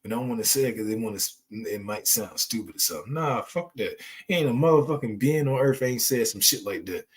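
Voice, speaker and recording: A man's voice: mid-range voice, lively intonation, a little fast. A man hosting his channel, delivering an impassioned, preachy monologue full of profanity and emphatic outbursts. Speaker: channel host.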